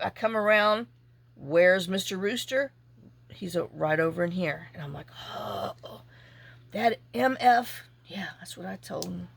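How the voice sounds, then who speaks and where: A woman's voice: medium pitch, gravelly, no echo. Chatty woman telling a story while crafting. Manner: animated, chatty, acts out her own reactions. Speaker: junk journal crafter.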